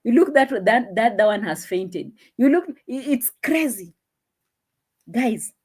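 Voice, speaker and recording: A young woman hosting a casual live stream, chatting and laughing, dropping into low asides, on a phone mic. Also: expressive, measured pace, a little mellow, husky.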